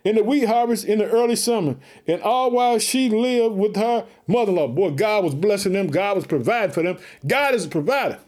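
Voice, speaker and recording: A man's voice: high-pitched, animated, fairly quick, few pauses, a little mellow. A man preaching on his podcast, fired up and calling out hallelujah between Bible readings. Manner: fired-up, exclaims hallelujah often.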